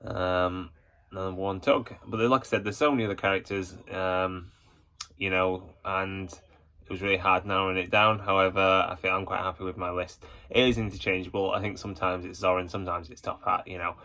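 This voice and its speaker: Deep, flat-voiced man rambling fondly. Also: a little fast. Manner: rambling, full of hesitations and "you know"; enthusiastic fan. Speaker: YouTube channel host. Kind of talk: casual ranking vlog.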